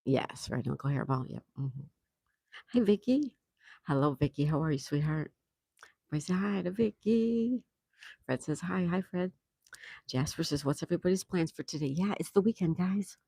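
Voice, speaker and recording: A woman's voice: low-pitched, expressive, moderate pace, dark tone, breathy edge, no echo. A woman hosting a casual livestream outdoors, chatty and affectionate, reading viewer comments aloud. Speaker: livestream host.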